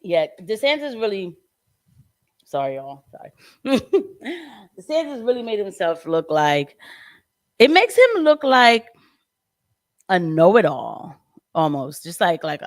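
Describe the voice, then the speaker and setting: A woman hosting a casual political commentary livestream. She talks in an animated, chatty way, laughs often and leaps up in pitch. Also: takes it slowly, long pauses, dry recording, clean studio sound. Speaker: livestream host.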